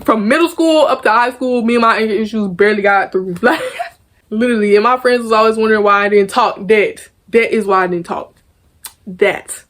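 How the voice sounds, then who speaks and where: Animated young woman telling a story. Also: on the high side, brisk. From Arkansas, US. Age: young adult. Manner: animated, laughs often, acts out quoted lines. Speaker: vlogger. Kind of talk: casual storytime chat.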